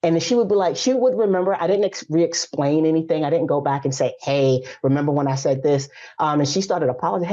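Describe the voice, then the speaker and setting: A woman's voice: deep voice, fast talker, few pauses. A woman in her forties, a guest coach on a podcast, telling stories in a frank and emphatic way. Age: 40s. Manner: lively storytelling, frank and emphatic. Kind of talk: casual podcast conversation. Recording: slightly dull lo-fi audio.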